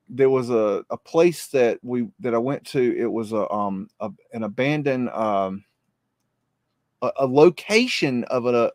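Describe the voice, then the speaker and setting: A man's voice: mid-range voice, a little mellow, no echo, clean studio sound. A man from the United States co-hosting a casual podcast, telling a story hesitantly with many ums and restarts. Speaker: podcast co-host. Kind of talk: casual chat.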